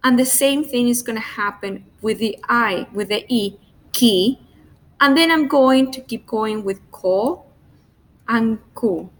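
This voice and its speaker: A woman who speaks Spanish natively, teaching pronunciation with a Latin American Spanish accent and repeating sounds slowly and clearly for learners. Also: on the high side, fairly bright tone. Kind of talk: pronunciation lesson.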